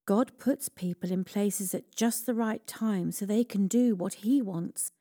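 A woman's voice: medium pitch, unhurried, dark tone, lightly acted. A woman voicing a devout, steadfast man in a storybook reading, firm and solemn.

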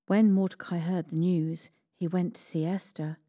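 A woman reading a children's Bible story aloud as storyteller, slow and expressive. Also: fairly low pitch, no echo, studio quality.

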